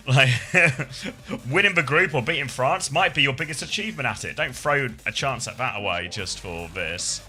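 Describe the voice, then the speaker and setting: A man's voice: mid-range voice, lively intonation, moderate pace, pushed and bright, soft background music. A man casting esports, tired after a sleepless night, rambling and swearing with frequent laughs. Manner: rambling, profane, laughs often. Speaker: esports caster. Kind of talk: casual commentary chat.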